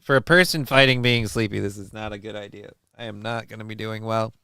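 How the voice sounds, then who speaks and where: A man hosting a live stream in a low, smooth and clear voice, reading out viewer messages in a deadpan ramble full of ums and uhs. The sound is close and dry with no room around it. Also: a little fast, no room sound. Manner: rambling and deadpan with many fillers. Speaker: live-stream show host.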